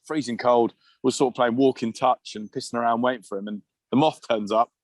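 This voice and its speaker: A middle-aged man spins long, rambling stories in a relaxed podcast chat, full of restarts and chuckles. His voice sits at a middle pitch. It is recorded close and dry, with no room sound. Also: fairly quick, no room sound. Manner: rambling anecdotes with many restarts and laughs. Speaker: guest, former rugby player. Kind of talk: casual storytelling chat.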